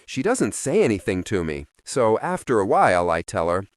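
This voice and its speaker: A man reading a first-person young adult story as an audiobook narrator, with expressive delivery. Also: lowish voice, normal speed, dry recording. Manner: expressive, shifting voices for characters.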